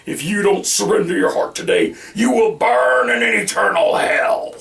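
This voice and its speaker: A fiery hellfire preacher, put on by a man who shouts his threats, with a gravelly edge. He sounds some distance from the mic. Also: high voice, huge pitch swings, moderate pace, roomy sound, exaggerated voice. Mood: threatening. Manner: shouting warnings.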